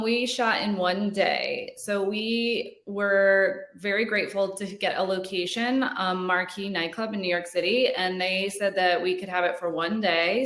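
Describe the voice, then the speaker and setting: A woman filmmaker answering interview questions about her short film in a relaxed, talkative way. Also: on the low side, reverberant. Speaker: filmmaker guest.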